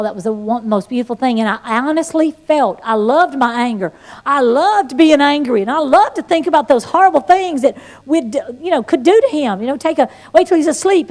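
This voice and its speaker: A woman leads an evangelism class, speaking in a high, bright register. She teaches in a sermon-like way and weaves in her own testimony. Her delivery is folksy and lively, with playful asides.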